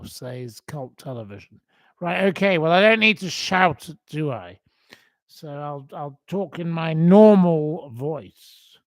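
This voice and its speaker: Gravelly, slow-talking man on stream. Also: fairly high pitch, dry recording. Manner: chatty, self-deprecating, apologetic, swears casually. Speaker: livestream host. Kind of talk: casual live-stream chat with quiz. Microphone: computer webcam mic.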